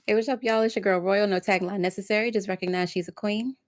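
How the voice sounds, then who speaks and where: A woman's voice: medium pitch, steady tone, fast, dry recording, studio quality. Sassy woman podcast co-host. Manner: sassy, teasing. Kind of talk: casual chat.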